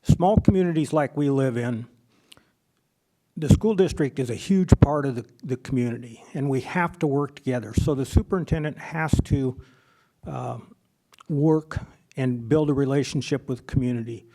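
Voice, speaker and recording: A man's voice: mid-range voice, moderate pace, warm tone. A man running for school board, answering in a plain-spoken, hesitant way with false starts, in council chambers. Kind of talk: candidate forum answer.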